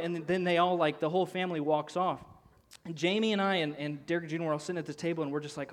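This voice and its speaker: A man preaching, telling a personal story and acting out the people in it with lively swings of voice. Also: high voice, fast talker. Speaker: pastor. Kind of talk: sermon story.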